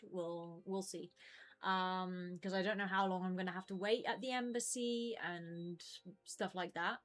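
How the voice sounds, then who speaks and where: A woman's voice: fairly low pitch, fairly even intonation, measured pace, soft background music. A young woman in her twenties chatting casually with her stream viewers from home, rambling with lots of fillers. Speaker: game streamer.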